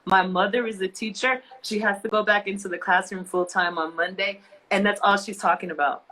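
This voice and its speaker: A woman's voice: mid-range voice, a little fast, sharp tone, poor audio. A woman co-hosting a casual talk show, speaking with impassioned emphasis and repeating phrases as she vents. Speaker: podcast co-host. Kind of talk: emotional casual chat.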